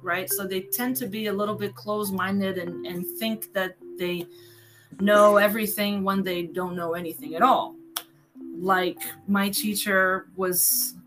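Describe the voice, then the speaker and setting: Animated Brazilian woman telling a story. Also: medium pitch, measured pace, over music. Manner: animated storyteller acting out quoted people. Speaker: guest telling her story. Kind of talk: casual chat.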